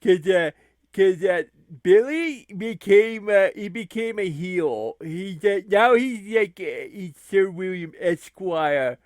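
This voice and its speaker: A man doing comedic gameplay commentary, giggly and excitable. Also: high voice, slow, no room sound, clean studio sound. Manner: giggly, excitable, rattles through rules. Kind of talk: comedic let's-play commentary.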